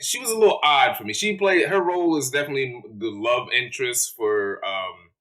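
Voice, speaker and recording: A man giving a casual movie review, rambling with many fillers and restarts, relaxed and plain-spoken. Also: mid-range voice, fairly quick, rough recording.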